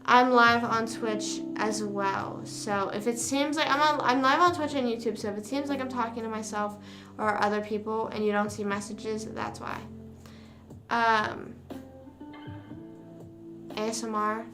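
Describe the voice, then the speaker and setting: A woman's voice: fairly high pitch, fairly even intonation, unhurried, music in the background. A woman live streaming in casual chat, rambling and venting with casual swearing.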